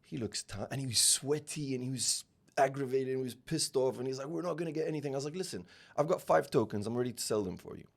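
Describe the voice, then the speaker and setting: A man in his forties with a gravelly, husky voice, raised in the UAE, tells a long anecdote on a podcast. He voices the people in it as he goes and repeats words often when he restarts a sentence. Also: mid-range voice, fast, hardly any pauses. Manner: animated anecdotes, acting out dialogue, many restarts. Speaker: real estate founder, guest. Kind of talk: storytelling interview.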